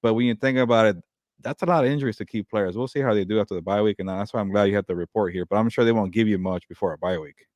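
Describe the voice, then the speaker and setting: A man co-hosting a sports podcast, giving a quick, casual analysis of a game. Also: lowish voice, a little mellow, dry recording, muffled recording.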